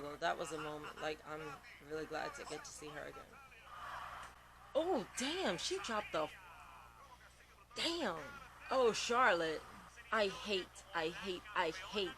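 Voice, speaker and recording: A man with a high voice speaks in loose, exclaiming reaction commentary and swears freely. He sounds sleepy and worn out from the late hour. A steady hiss of background noise runs under the recording. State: sleepy, yawning late at night. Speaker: wrestling reaction channel host.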